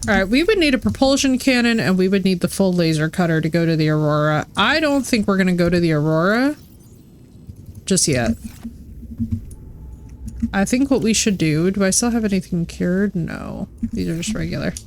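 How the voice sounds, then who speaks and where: A woman's voice: on the low side, expressive, moderate pace, a little hiss or hum. A woman live-streaming a game in casual chat, swearing freely and filling her talk with "like". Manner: chatty, swears freely, says "like" constantly. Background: faint game music.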